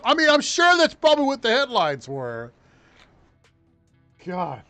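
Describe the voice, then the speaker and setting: A man hosting a political commentary podcast from his home studio, riffing in a mocking, crude, animated way. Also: very high voice, measured pace, pauses often, soft background music. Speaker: podcast host.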